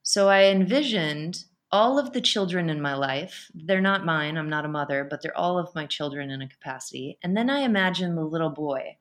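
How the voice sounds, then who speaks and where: A woman guest on an interview podcast, telling a personal story in an emotional, animated way. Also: low voice, normal speed, hardly any pauses.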